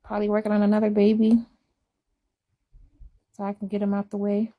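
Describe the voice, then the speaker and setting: A woman's voice: mid-range voice, completely flat delivery, fairly quick, dull audio. A woman chatting casually on a live stream, emphatic and repetitive for effect. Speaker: livestreamer.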